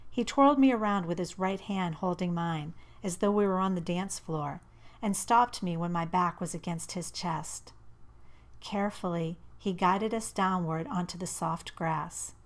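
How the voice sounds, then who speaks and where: A woman narrating a first-person novel as an audiobook, in an intimate, measured and expressive reading. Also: on the low side.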